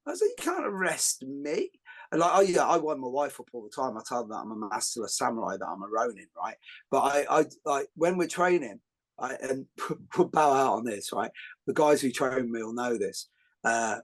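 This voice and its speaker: A middle-aged man, hosting a podcast and telling jokey stories in a lively, rambling way with many fillers and restarts. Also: mid-range voice, a little fast. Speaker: podcast host. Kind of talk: casual podcast conversation.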